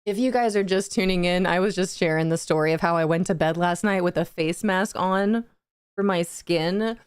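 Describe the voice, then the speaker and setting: A woman's voice: on the low side, moderate pace, clear, resonant tone, dry recording, clean studio sound. A young woman hosting a cozy game livestream, chatting with her viewers, reading their messages aloud and laughing often. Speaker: livestream gaming host. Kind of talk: casual chat with live chat.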